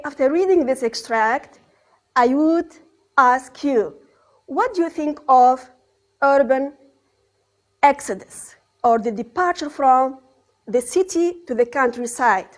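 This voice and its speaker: A woman teaching an English grammar and vocabulary lesson on the radio, repeating key words and checking understanding with quick questions. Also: high-pitched, expressive. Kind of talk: radio lesson for exam students. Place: radio studio.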